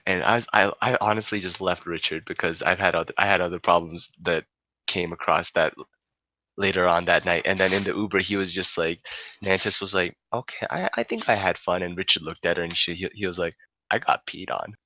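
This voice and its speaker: A man's voice: low-pitched, level tone, brisk, sharp tone, a little hiss or hum. A young man telling a long story to friends in a casual, profane way, laughing often. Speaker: storyteller on a podcast.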